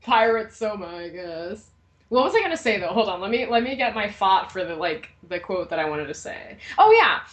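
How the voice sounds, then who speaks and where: A woman's voice: medium pitch, lively intonation, moderate pace, muffled recording. A young woman co-hosting a casual review chat, bubbly and giggly. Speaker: co-host.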